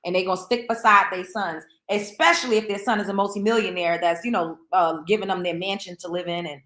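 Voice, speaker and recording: A woman's voice: mid-range voice, steady tone, fast, background noise. A middle-aged woman hosting a casual celebrity gossip commentary, emphatic and opinionated, repeating points for stress. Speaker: show host. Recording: roomy echo.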